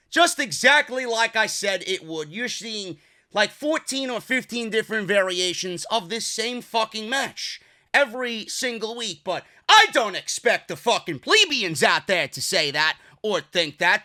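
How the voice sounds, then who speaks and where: A young man from New York hosts a wrestling review with sarcastic, profane, fired-up rants. His voice sits high for a man and has a bright, sharp edge. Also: expressive, moderate pace. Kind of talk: ranting video review.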